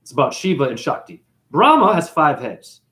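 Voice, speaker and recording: A man giving a freewheeling, jokey spiritual monologue, shouting catchphrases and acting out characters. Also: fairly high pitch, big pitch swings, normal speed. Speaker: spiritual talk host.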